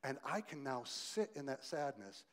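Preaching at a normal speed, a very animated male pastor with a mid-range voice shifts from loud emphasis to hushed softness. Along the way, he asks his congregation pointed questions.

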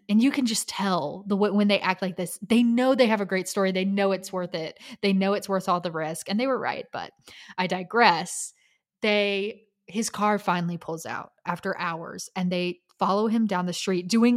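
Animated woman recapping a story. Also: medium pitch. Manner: animated storyteller, acts out quotes, swears casually. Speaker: podcast co-host. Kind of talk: casual chat recapping a documentary.

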